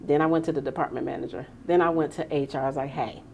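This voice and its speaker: A woman host with a lower voice tells stories in a relaxed, chatty way. She animates her anecdotes and slips into the voices of the people she quotes. Faint noise hums under the recording. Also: racing, creaky, muffled recording. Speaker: podcast host. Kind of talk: casual chat.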